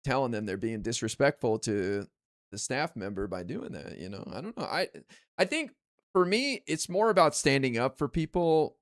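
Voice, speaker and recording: A man telling a story in a loose, rambling monologue, full of fillers and blunt profanity. His voice sits at a middle pitch but swings widely, and it leaps up when he quotes other people. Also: normal speed. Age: adult, calls himself too old to yell at teens. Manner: animated, jumping high when quoting others. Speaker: political commentary streamer.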